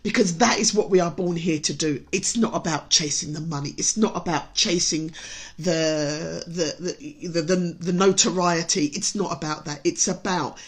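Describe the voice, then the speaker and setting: A woman's voice: on the low side, normal speed, breathy edge. A woman, a hypnotherapist, giving an earnest motivational broadcast while emotional and near tears, often stumbling and restarting her sentences.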